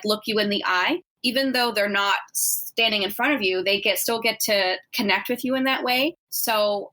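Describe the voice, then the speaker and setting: A woman speaks as a guest on a casual podcast interview and shares encouraging advice. She talks with enthusiasm and gives her points in clear steps. Her voice is bright, with a slightly raised pitch. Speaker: guest, community founder.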